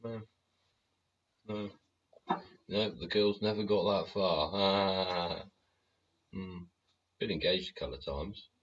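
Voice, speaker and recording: A man's voice: sits low, slow pace, pauses often, muffled recording. A British man hosting a show, ranting profanely in a rambling way and talking back to his chat. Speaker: show host. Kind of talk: ranting livestream commentary.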